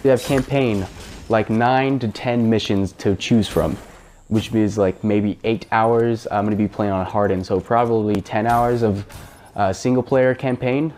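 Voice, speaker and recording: A man's voice: lowish voice, steady tone, a little slow, darkish tone, slight background noise. A man hosting a casual spoken game review, talking in a chatty, rambling way with fillers and the odd swear word. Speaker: gaming channel host.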